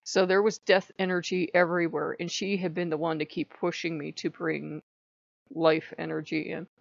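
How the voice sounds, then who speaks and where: A woman's voice: deep voice, normal speed, creaky, dry recording. Chatty woman spiritual vlogger, dry dull sound. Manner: chatty, animated, laughs often. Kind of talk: casual chat to camera.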